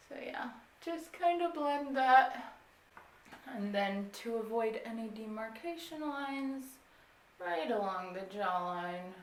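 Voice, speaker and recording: A woman's voice: on the high side, slight background noise. A woman in her twenties giving a casual makeup tutorial, explaining each step in an easygoing way with lots of filler words. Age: 20s. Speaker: beauty vlogger. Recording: roomy echo, faint ambience.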